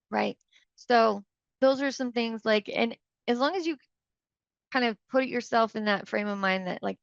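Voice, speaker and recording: A woman's voice: on the high side, moderate pace, vocal fry, long pauses, no room sound, dull audio. A woman giving a live coaching talk to real estate agents in a chatty, conversational way, often checking in with her listeners and acting out short phone exchanges. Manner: acts out short phone exchanges in quoted voices.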